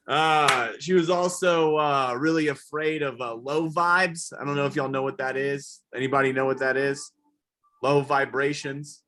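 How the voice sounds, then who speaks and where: A man doing a rambling, self-deprecating stand-up comedy set, now and then yelling high whoops. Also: steady tone, unhurried. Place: comedy show, live virtual audience.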